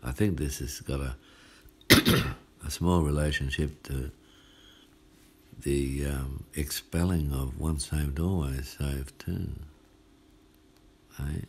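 Very deep, slow Australian pastor. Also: male voice, fairly even intonation, slightly rough. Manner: folksy and chatty, asks "hey?" often, laughs at his own lines. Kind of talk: casual midweek sermon.

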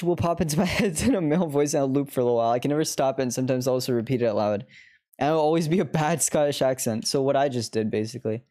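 A woman's voice: rumbling low, racing, warm tone. A woman streamer chatting through live gameplay commentary, laughing often and swearing freely.

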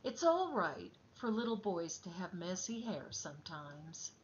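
A woman's voice: lowish voice, big pitch swings, unhurried, highs cut off, slight background noise. A woman voicing a flustered, overloaded young mother in a storybook reading, airily brushing things off. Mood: airy.

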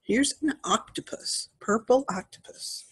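A grandmother with a fairly high-pitched voice reads aloud from a picture book for young children, calling attention to the animals pictured. Her pace is slow and her manner gentle, with slight background noise.

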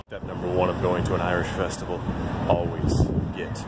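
A man's voice: low voice, completely flat delivery, fairly quick, over loud music. An American young man chatting playfully to viewers in a casual vlog. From United States. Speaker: vlogger.

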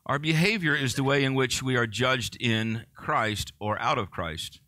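A man's voice: mid-range voice, measured pace, bright, forceful tone, no room sound. A male pastor preaching a sermon in a conversational way, joking and poking fun at himself.

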